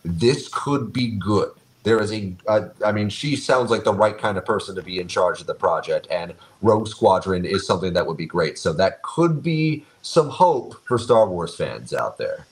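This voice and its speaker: A man co-hosting a casual podcast, laying out news in a measured, informative way. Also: sits low, lively intonation. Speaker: podcast co-host. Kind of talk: casual chat.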